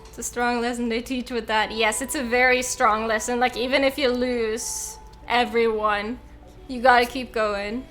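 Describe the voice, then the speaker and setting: Bright, high-voiced woman streamer. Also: flat delivery, normal speed, soft background music. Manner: emotional, effusive, chats to viewers. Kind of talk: live gameplay stream commentary.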